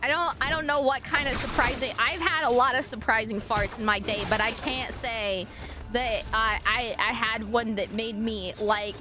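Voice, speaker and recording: Young woman, high voice, giggly and rambling, casual stream chat at a desk mic, faint music behind. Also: fairly even intonation, normal speed.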